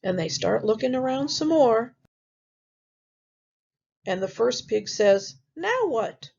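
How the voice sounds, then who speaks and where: A woman reading a picture book aloud to children, gentle and expressive, in the way a teacher tells a story. Her delivery is slow and unhurried with a gravelly edge, on a slightly dull, lo-fi recording. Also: a little high.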